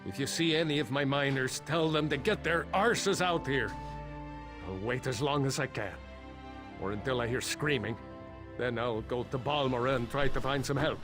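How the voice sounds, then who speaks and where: A man's voice: mid-range voice, normal speed, natural voice. A man voicing a flustered, wry mine foreman. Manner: wry, rambling, a little sheepish. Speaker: video game character. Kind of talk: game voice acting. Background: game music.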